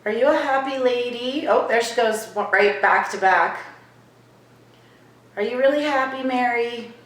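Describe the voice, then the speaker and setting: Woman vlogger, slow unhurried speech, hushed questions then eager asides to viewers, roomy kitchen echo. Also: fairly high pitch. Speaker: vlogger host. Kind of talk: casual paranormal vlog. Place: home kitchen.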